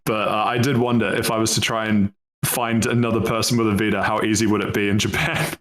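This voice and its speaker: A man's voice: fairly low pitch, flat delivery, quick pace, fairly bright tone, poor audio. A young man chatting casually on a podcast, rambling with lots of fillers, laughing often and swearing freely. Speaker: podcast co-host.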